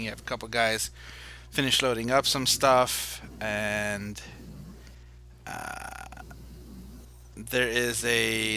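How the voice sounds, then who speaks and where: A man narrating a tabletop role-playing game as game master, halting and full of fillers. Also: medium pitch, bright, forceful tone, slight background noise.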